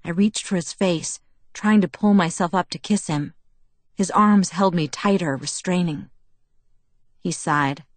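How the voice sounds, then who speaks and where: A woman reading a first-person audiobook in an even, intimate storytelling way on a close studio mic. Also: on the low side, a little slow, no room sound. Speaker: audiobook narrator.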